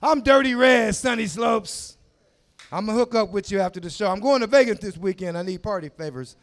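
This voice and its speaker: A man in his forties tells crude stories on a comedy club stage, his voice very high and swinging widely in pitch. He talks loudly into a handheld mic and shouts his punchlines. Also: quick pace. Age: 40s. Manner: loud, crude, animated storytelling with shouted asides. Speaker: stand-up comedian. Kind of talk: stand-up comedy set.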